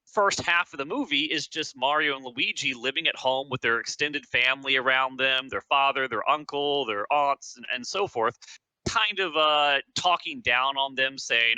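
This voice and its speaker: Bright-voiced man recapping casually. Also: mid-range voice, moderate pace, clean tone, no room sound, rough recording. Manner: rambling, hesitant recap with restarts. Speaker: podcast co-host recapping a film. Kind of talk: casual podcast chat.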